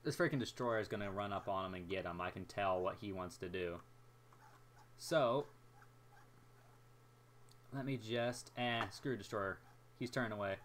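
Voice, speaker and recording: A young man casually commentating his own naval battle game, excitable and jokey, talking to himself as he plays. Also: on the low side, normal speed, long pauses, slight background noise. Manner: excitable, jokey, talks to himself while playing. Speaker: gameplay commentator.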